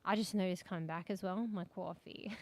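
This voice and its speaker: A woman's voice: fairly low pitch, normal speed, no echo. Rambling, sweary young woman streamer. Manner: rambling and sweary, lots of fillers. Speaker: VTuber streamer. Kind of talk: casual gaming stream chat.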